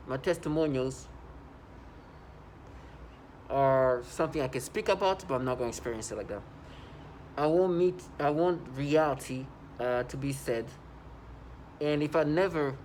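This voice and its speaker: A man's voice: medium pitch, darkish tone, slight background noise. A man delivering a rambling personal vlog monologue, agitated, with frequent restarts and self-corrections. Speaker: vlogger.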